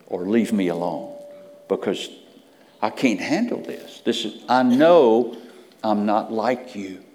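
A low-voiced man preaching a sermon. He drops to hushed whispers, then climbs to loud, emphatic peaks. His voice rings with a long reverb, as in a church sanctuary. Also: lively intonation, unhurried.

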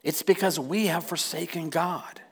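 A man's voice: fairly high pitch, fairly even intonation, normal speed, breathy edge. A man preaching a sermon, impassioned and building repeatedly to emphatic peaks. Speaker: pastor.

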